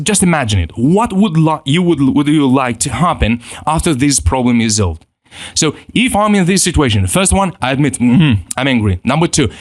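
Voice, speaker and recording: Man, self-help coach, course lesson, very lively pitch, acts out inner voices, restarts sentences, dry close sound. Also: dry recording.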